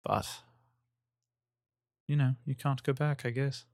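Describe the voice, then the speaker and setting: A man's voice: mid-range voice, slow pace, vocal fry, darkish tone, no room sound, studio quality. A man playing a tabletop role-play, talking hesitantly with lots of fillers and laughter. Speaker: player.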